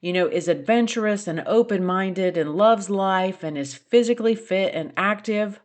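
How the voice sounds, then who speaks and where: A middle-aged woman with a mid-range voice speaks at a normal speed while hosting a solo podcast. Her talk is reflective and earnest, and she challenges listeners with pointed questions.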